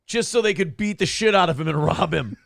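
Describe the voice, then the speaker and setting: Crude joking male host with gravelly voice. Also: high voice, expressive, brisk, fairly bright tone, no echo, clean studio sound. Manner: crude joking, laughs often at his own jokes; reads viewer chat messages aloud. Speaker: morning show host. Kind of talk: casual podcast chat.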